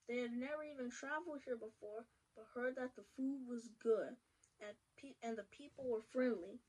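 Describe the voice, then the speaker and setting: A woman's voice: on the high side, darkish tone, rough recording. Woman reading a children's storybook aloud. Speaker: podcast host reading a children's book.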